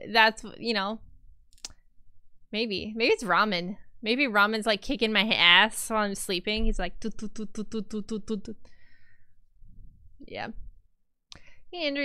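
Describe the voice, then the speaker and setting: A young woman chats casually on a live stream, laughing easily and greeting viewers as they arrive. Her voice is bright, smooth and a little high. It is recorded close up in a dry home room. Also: no room sound. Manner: chatty, laughs often, greets viewers warmly. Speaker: VTuber streamer.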